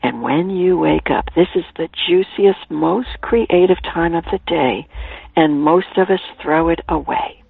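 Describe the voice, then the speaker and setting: A woman author telling stories as a guest on a radio interview, animated, at times dropping to a soft whisper, heard over a phone line. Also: lowish voice, unhurried, gravelly, slightly rough, no room sound. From Ireland. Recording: tinny phone line, dry.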